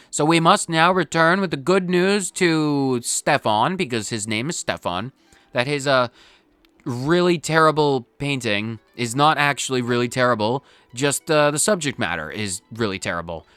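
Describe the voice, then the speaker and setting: A man's voice: mid-range voice, animated, normal speed, a bit bright, smooth, no room sound. A man commenting playfully on his own game playthrough, joking and explaining his jokes as he goes. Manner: playful, jokey, self-explaining. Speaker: gaming channel host. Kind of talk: let's play commentary.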